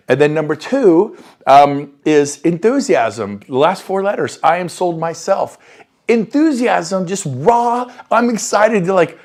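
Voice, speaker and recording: A man coaching real estate agents on prospecting, talking with high enthusiasm and acting out quoted phone calls. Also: darkish tone. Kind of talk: motivational coaching talk. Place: Sacramento area.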